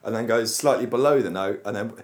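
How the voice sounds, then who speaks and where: A man's voice: lowish voice, fast. A man from England co-hosting a podcast, chatting casually in a rambling, self-interrupting way and laughing often. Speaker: podcast co-host. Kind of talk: casual banter.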